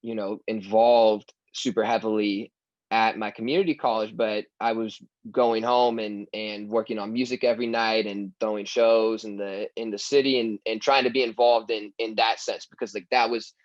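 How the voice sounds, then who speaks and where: A young man on a student panel shares advice thoughtfully. His voice sits on the low side. The sound is muffled and dry. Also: little pitch movement, moderate pace, no echo. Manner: reflective, thoughtful, with many restarts.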